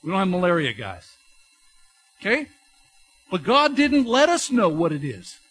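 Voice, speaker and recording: A middle-aged man preaching a sermon, talking to the congregation in an animated, conversational way with emphatic rises and quick restarts. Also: sits high, faint music behind. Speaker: pastor.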